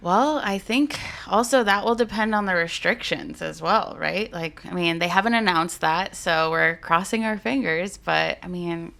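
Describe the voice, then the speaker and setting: A woman co-hosting a podcast in casual chat, animated and acting out her own thoughts. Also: on the low side, normal speed, vocal fry, few pauses. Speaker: podcast co-host.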